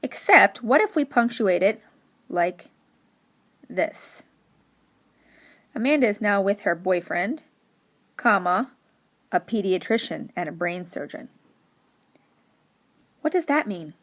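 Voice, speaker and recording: A woman teacher giving a recorded lesson, telling a joke and explaining with playful emphasis. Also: medium pitch.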